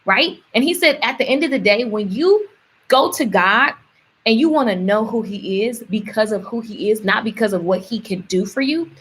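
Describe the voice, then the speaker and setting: A young woman talks straight to her livestream audience, coaching and preaching in an easy, chatty way. Her voice is husky and sits a little high. She hammers points home by saying the same words again and again. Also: expressive, normal speed, fairly bright tone. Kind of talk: casual motivational livestream.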